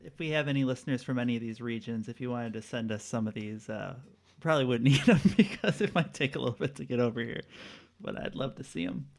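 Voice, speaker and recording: A man's voice: medium pitch, fast talker, gravelly, a little hiss or hum. A man hosting a casual trivia game, reading out answers in an easygoing way with frequent laughs. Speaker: quiz host.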